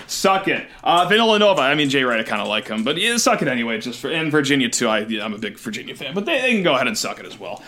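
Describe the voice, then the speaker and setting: A man co-hosting a sports podcast, excitable and out of breath, yelping and rambling with quick restarts. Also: a little high. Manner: excitable, yelps and shouts when hyped, rambling restarts. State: out of breath, overheated. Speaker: podcast co-host.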